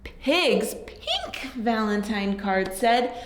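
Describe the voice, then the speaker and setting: A woman reading a picture book aloud to young children, in a sing-song, animated way with soft whispered asides, pausing to teach simple signs. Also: fairly high pitch, roomy sound, background noise. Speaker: storyteller teaching baby signs.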